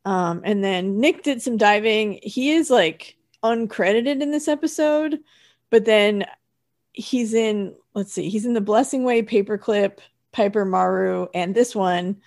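A woman's voice: medium pitch, a little slow, darkish tone. A woman co-hosting a podcast, chatting casually and laughing easily. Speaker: podcast co-host.

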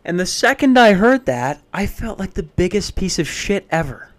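A man's voice: high voice, sing-song, normal speed. A man hosting a solo podcast, talking in a blunt, profane, self-deprecating casual rant. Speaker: podcast host.

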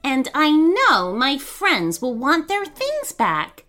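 Woman playing a bold schoolgirl, firm, insistent, lively high voice. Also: slow, soft background music, heavily acted.

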